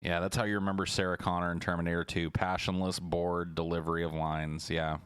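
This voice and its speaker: A man's voice: completely flat delivery, fairly quick, fairly bright tone, smooth, no echo. A man hosting a casual livestream, reacting to a trailer with sarcastic, mocking, profane commentary. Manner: mimics lines in exaggerated high voices.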